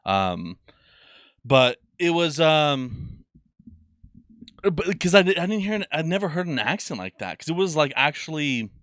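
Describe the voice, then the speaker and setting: Here a young man co-hosts a podcast in fairly high pitch, very animated yet a little slow, with long pauses and a fairly bright tone. His casual, rambling chat is packed with fillers and curses, recorded dry at studio quality.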